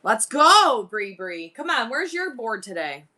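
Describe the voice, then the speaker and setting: A woman live-streaming to her viewers, chatting casually and excitedly as she thinks aloud through her numbers and goals. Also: mid-range voice, normal speed.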